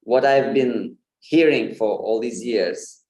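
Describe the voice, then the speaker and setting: A man's voice: mid-range voice, slow pace, a little mellow, reverberant. A man giving an informal online lesson on pronunciation, with many fillers and light laughs. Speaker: Sanskrit pronunciation presenter.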